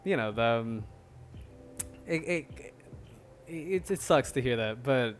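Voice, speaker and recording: A man's voice: mid-range voice, lively intonation, takes it slowly, faint music behind. A man hosting a solo podcast, chatting casually in a rambling way with lots of fillers. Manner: rambling, many fillers and restarts, laughs often. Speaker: podcast host.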